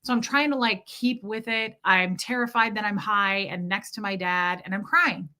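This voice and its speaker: A woman's voice: mid-range voice, steady tone, normal speed, sharp tone. A woman from Kansas City, podcast host, telling a personal story candidly and emotionally with lots of "like" fillers. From Kansas City, USA.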